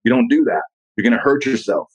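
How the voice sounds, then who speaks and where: Man, podcast guest, rapid delivery, raspy voice, profane, animated. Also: mid-range voice, muffled recording. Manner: blunt, profane, animated storytelling. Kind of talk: casual motivational talk.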